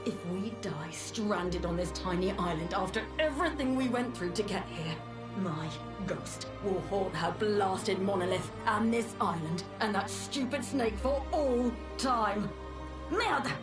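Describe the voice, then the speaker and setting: A woman's voice: mid-range voice, lively intonation, a little slow, music in the background, natural voice. An actress with an English accent playing an exasperated, stranded woman expedition leader who curses in French, in a video game. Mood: bitter, exasperated. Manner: bitter, cursing outbursts with French swears.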